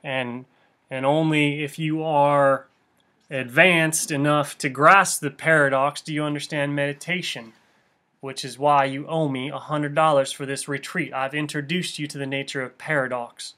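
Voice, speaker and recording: A man improvising a mock meditation lesson in a deadpan, halting way, with frequent restarts. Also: a little high. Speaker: comedic meditation instructor. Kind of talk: improvised parody monologue.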